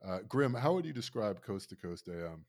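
A low-voiced man in his thirties, from Florida, spinning a rambling comic story. His telling is animated and wry, with bursts of loudness and hurried asides. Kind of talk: storytelling chat.

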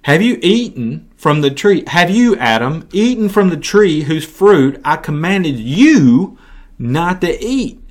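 A man preacher voicing God as a stern questioner who asks slowly and pointedly. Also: fairly high pitch, big pitch swings, pitched above the performer's own voice. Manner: slow, probing questions.

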